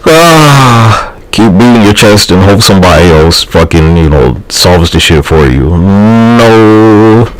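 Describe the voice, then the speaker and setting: A man's voice: lowish voice, expressive, slow pace, rough recording. A man streaming live, talking in a loose, rambling and profane monologue.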